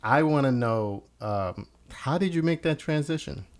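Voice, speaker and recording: A man's voice: mid-range voice, animated, measured pace. A man hosting a casual business chat show, joking and laughing often as he talks. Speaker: podcast host.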